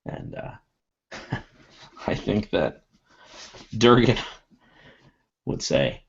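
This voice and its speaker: A man describing his character's actions in a tabletop game, laughing often in relaxed table talk. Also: on the low side, very slow, vocal fry, long pauses. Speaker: player. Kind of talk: tabletop role-play narration. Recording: dull lo-fi recording.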